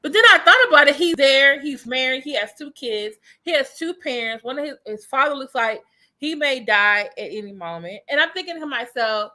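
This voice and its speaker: A woman's voice: high-pitched, animated, moderate pace, sharp tone. A woman co-hosting a casual opinion chat, musing and retelling what she saw. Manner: musing, storytelling, thinking aloud. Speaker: co-host.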